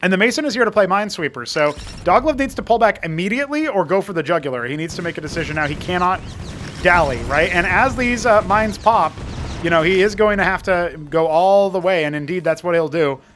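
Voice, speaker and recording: Chatty, excitable male tournament caster. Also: sits high, fairly quick, faint music behind. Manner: chatty, rambling asides, excitable during fights. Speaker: esports caster. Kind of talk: live tournament play-by-play commentary.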